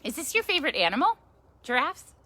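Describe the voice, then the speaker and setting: A woman reading a children's picture book aloud at storytime, chatty and playful. Her voice is high and bright, with a very lively pitch that swoops up on exclamations. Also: fast talker. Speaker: yoga teacher reading to a child.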